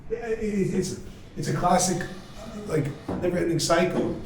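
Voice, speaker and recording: A man teaching a class as a rabbi, lively and full of humor, who keeps asking his listeners rhetorical questions. His voice sits a bit high for a man and echoes heavily around a large hall. He is recorded from a distance, with a faint hiss underneath. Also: normal speed, vocal fry. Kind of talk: lively classroom lecture with storytelling. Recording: very echoey hall, mic far off, faint noise.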